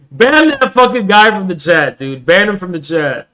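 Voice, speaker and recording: Male streamer, bright voice, excitable and profane, chatting to viewers. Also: sits high, a little slow. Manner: profane, excitable, talks to chat. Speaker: livestreamer. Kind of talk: casual livestream chat.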